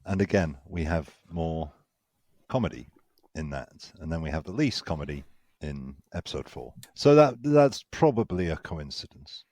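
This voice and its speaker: Man, podcast co-host, playful, low animated voice, dry close mic. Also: normal speed, no echo. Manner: wondering aloud, playful, guides the conversation. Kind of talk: casual discussion.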